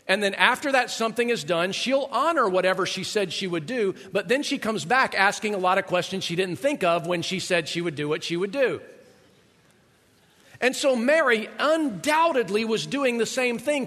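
A middle-aged male pastor talks through a sermon conversationally, often asking the congregation rhetorical questions. He has a high, pushed, bright voice, captured with long hall reverb.

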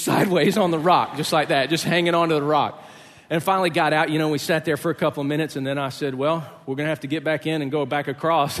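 A middle-aged man preaching a sermon, telling a story in lively fashion, acting out the voices and laughing along. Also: fairly high pitch, long reverb tail. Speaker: pastor.

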